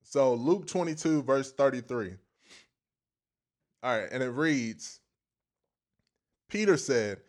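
A man's voice: medium pitch, lively intonation, takes it slowly, pauses often. Folksy man preaching a casual sermon. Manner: repeats phrases, folksy, sometimes laughing.

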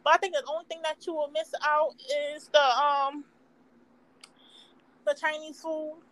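Young woman w/ a really high voice, casual chat, says like a lot, laughs easy. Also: level tone, unhurried, fairly bright tone, low-quality recording. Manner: chatty, laughs often, lots of "like".

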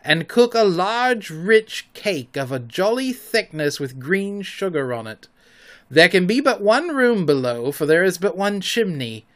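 A vengeful pirate captain growls through his lines, as a man reading the story puts him on. The words come slow and heavy, pushed out with force, and the pitch swings widely. It is a theatrical storybook villain with a brooding temper. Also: very animated, a bit bright, exaggerated voice. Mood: scheming. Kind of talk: audiobook character voice.

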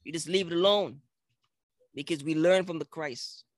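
A man's voice: fairly high pitch, normal speed, no room sound, clean studio sound. A man co-hosting a casual faith podcast. He talks playfully, often repeats his lines for emphasis and laughs a lot. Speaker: podcast co-host.

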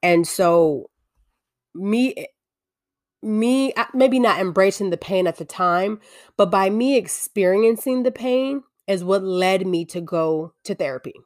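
A woman's voice: medium pitch, lively intonation, slow pace, no echo, clean studio sound. A woman giving an earnest, confessional faith-based talk, often restarting her sentences.

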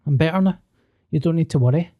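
A man voicing his late uncle in a dream, speaking calmly and reassuring him not to worry. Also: fairly high pitch, quick pace, muffled recording, close to an everyday voice.

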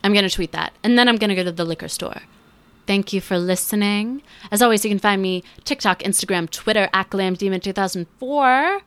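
A woman's voice: mid-range voice, a bit bright, clean tone. Chatty sarcastic young woman podcaster. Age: 20s. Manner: chatty, sarcastic, puts on quick voices for others. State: feels she is losing her voice. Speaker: podcast host. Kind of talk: casual solo podcast chat.

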